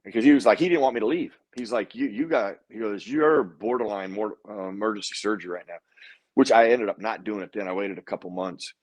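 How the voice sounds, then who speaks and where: A man with a lowish voice talks fairly quickly, and no room sound is present. Appearing as a guest in a casual interview, he's an animated storyteller sharing something personal and imitating what people said.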